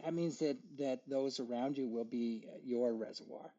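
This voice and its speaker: A male podcast guest speaks reflectively in casual conversation, stammering and acting out his inner dialogue. His voice is mellow and medium-pitched at a moderate pace, with dull, muffled sound.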